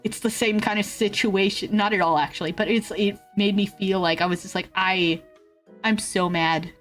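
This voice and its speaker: A woman streamer chatting casually with viewers, rambling with fillers and laughs and swinging between excited yelps and low grumbles. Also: a little fast. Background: faint background music.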